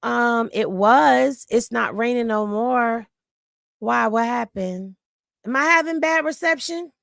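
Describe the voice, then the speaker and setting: A woman hosts a casual livestream from home, talking straight to her viewers in a chatty, gossipy way. She sounds tired and has a fairly high voice with a gravelly edge of fry. The sound is close and dry, picked up by a phone or computer mic. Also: slow pace, fairly bright tone, no echo. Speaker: livestream host.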